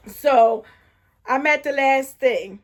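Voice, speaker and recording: Speaking in a high register, a middle-aged woman recounts a casual story for her vlog audience. Her excitement shows in animated delivery, constant asides to viewers, and frequently restarted sentences.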